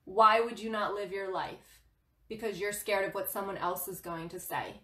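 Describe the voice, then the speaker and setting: A woman's voice: mid-range voice, moderate pace, sharp tone, roomy sound. Passionate woman giving a motivational livestream talk. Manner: passionate, emphatic, laughs often. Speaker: spiritual guidance host.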